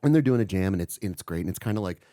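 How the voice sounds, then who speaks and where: A man's voice: sits low, expressive, rapid-fire, warm tone, dry recording, clean studio sound. A man co-hosting a podcast, telling a long story in casual chat and swearing freely. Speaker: podcast co-host.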